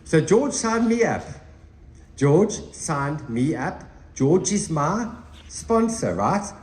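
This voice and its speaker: Guy pitching network marketing, really lively voice, acts out both sides of a chat, slight room echo. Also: slow. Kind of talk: animated storytelling talk to a team. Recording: roomy recording with faint ambience.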